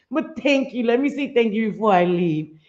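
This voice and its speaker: A woman's voice: a little high, lively intonation, takes it slowly, darkish tone, muffled recording. A woman hosting a casual live stream, thanking viewers, swearing casually, laughing often and dropping in Spanish phrases.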